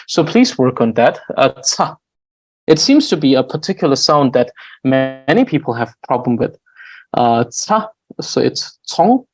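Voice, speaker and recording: A man's voice: on the high side, darkish tone, poor audio. A man teaching a recorded grammar lesson, explaining patiently with frequent fillers and restarts. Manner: slow, patient explaining with fillers and restarts, drawing out example words. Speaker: language teacher.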